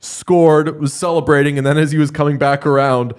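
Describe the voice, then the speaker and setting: A man co-hosting a hockey podcast, telling stories in a joking, animated way. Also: fairly high pitch, a little fast, clear, resonant tone. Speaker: podcast co-host. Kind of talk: casual hockey chat.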